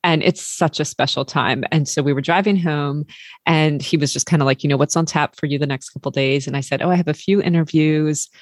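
With a deep voice and steady tone, this woman talks a little fast as she hosts a podcast and chats casually with a remote guest. She comes from Maryland in the US and is a warm storyteller who fills her speech with fillers. The audio is dry and studio quality.

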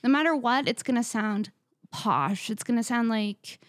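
A woman's voice: on the high side, moderate pace, no room sound, studio quality. A young woman co-hosting a podcast, chatting casually in a blunt, joking, profane way. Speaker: podcast co-host. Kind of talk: casual chat.

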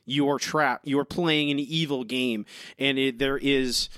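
A young man with a mid-pitched voice talks earnestly and haltingly, stumbling and restarting as he explains. The sound is close and dry, with no room echo. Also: steady tone, a bit bright. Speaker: podcast co-host. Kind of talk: casual chat.

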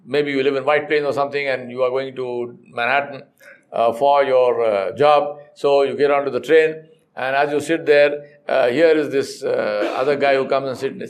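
A man gives a classroom lecture as a trainer, emphatic and blunt, full of rhetorical questions and stories. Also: mid-range voice. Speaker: corporate trainer.

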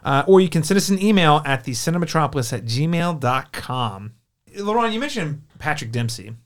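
This man hosts a movie review podcast, and his talk is chatty, eager, and full of fillers and false starts. His voice sits on the high side and is very animated, moving at a normal speed.

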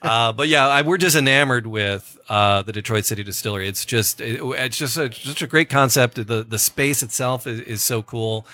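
A man's voice: mid-range voice, moderate pace, hardly any pauses, bright, forceful tone. A man hosting a podcast in a recording studio, chatting casually and gushing, with many restarts. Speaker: podcast host. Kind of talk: casual chat.

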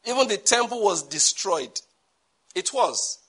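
A man with a Nigerian accent delivers a church sermon. His voice is bright and sits a little high. He moves between stern warnings and joking asides, laughing at his own lines. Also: lively intonation, moderate pace. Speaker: pastor.

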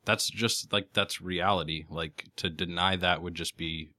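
Man, very low voice, bright tone, sarcastic casual co-host, swears a lot. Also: fairly even intonation, measured pace. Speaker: podcast co-host. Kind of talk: casual chat.

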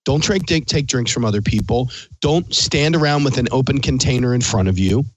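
Profane, joking host, forties, dry-sounding mic. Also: male voice, mid-range voice, lively intonation, a little fast, no room sound, poor audio. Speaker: podcast host. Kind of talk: casual podcast chat.

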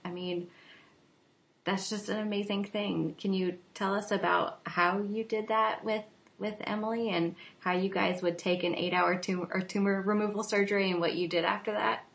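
A woman's voice: mid-range voice, steady tone, normal speed, gravelly, fairly bright tone. A woman hosting an interview, affirming her guest and asking questions. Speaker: interview host, child life specialist. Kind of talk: casual interview.

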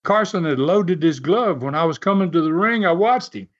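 A man's voice: on the high side, expressive, normal speed. A man, a former wrestler, telling a story in a folksy, laughing way with many fillers. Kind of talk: casual storytelling. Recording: slightly muffled recording.

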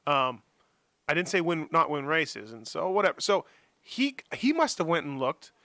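Bright, rambling man on a podcast. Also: fairly high pitch, sing-song, normal speed, no room sound, studio quality. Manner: rambling, self-deprecating, many fillers and restarts. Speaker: motocross journalist guest. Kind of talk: casual podcast interview. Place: home office.

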